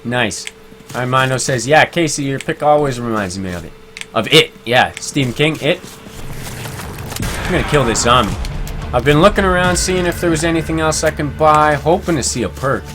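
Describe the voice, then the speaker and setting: A man's voice: medium pitch, lively intonation, normal speed, music in the background. A man streaming a game live, chatting casually, reading viewer comments aloud and laughing easily. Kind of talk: casual live-stream chat while gaming.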